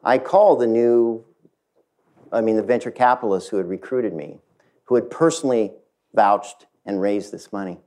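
A middle-aged man, a company chief, tells a story from his career to an audience, lively and speaking straight to the listeners. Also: fairly low pitch, normal speed. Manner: animated, addresses the audience directly. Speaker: CEO giving a talk. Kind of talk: storytelling keynote talk.

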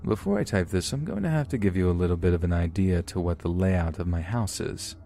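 Deep-voiced man narrating horror stories. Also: expressive, brisk, warm tone, a little hiss or hum. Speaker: podcast host reading listener stories. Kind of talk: scripted horror story narration.

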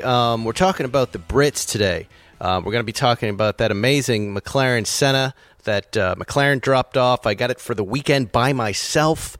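A man's voice: mid-range voice, normal speed, a bit bright, faint music behind. A man hosting a car talk show, telling long rambling stories with frequent chuckles. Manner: rambling storyteller, chuckles often. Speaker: podcast host. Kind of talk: casual chat.

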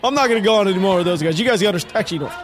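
A man's voice: sits high, expressive, rapid-fire. A man hosting a podcast, giving casual, mocking commentary with a sarcastic edge and frequent laughter. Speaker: podcast host.

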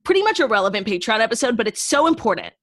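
A woman's voice: fairly high pitch, sing-song, racing. Chatty woman podcast co-host. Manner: chatty, reads ad copy brightly. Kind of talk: casual chat with a read sponsor ad.

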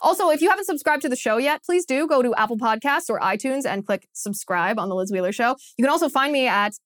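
A woman with a fairly high voice hosts her own political commentary show, scornful and mocking as she drives each point home with repetition. The sound is close and dry, with no room around it. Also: animated, fast talker, no echo. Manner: emphatic, repeats phrases for effect. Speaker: podcast host.

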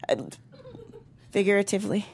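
A woman's voice: medium pitch, completely flat delivery, normal speed, darkish tone, no echo. A woman in her thirties doing a profane, brash stand-up comedy set on a club stage, acting out the voices of other people. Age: 30s.

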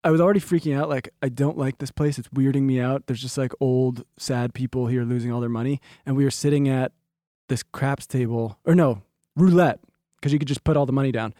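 A man of medium pitch and warm tone talks fairly quickly, recorded cleanly in a studio with no room sound. Co-hosting a podcast, he tells rambling stories in casual chat and swears freely.

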